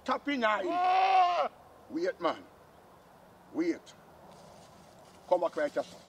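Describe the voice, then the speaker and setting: A man's voice: sits high, huge pitch swings, very slow, slight background noise, exaggerated voice. A man playing a boastful old Jamaican uncle and former soldier, blustering and scolding in a comic sketch. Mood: grumbling.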